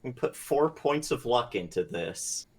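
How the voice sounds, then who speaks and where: A man's voice: medium pitch, lively intonation, normal speed, darkish tone, slightly rough. A man playing a tabletop game, joking and swearing as he rolls dice. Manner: joking, swears, mock prayers. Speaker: player.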